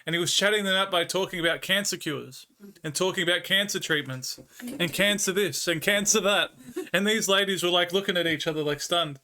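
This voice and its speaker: A man with an Australian accent talks casually to his stream audience, his voice bright and a little high. He rambles from one story to the next and laughs as he goes. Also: fast. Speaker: livestreamer. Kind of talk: casual chat with viewers.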